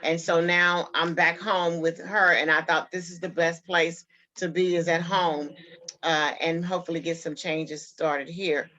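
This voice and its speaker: A woman's voice: lowish voice, little pitch movement, measured pace, bright, forceful tone, lo-fi sound. A woman guest telling a personal story in an interview, earnest and heartfelt.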